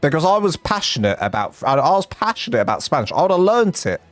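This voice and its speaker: A man's voice: fairly high pitch, very animated, quick pace, dry recording, faint music behind. A man from England with a lisp, a game streamer telling rambling, self-mocking stories in casual chat.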